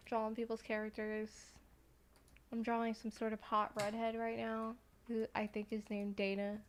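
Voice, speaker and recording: A woman's voice: on the high side, a little hiss or hum. Woman streamer, casual chat, joking, drawing art requests live. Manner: joking, chatty, talks to chat while working.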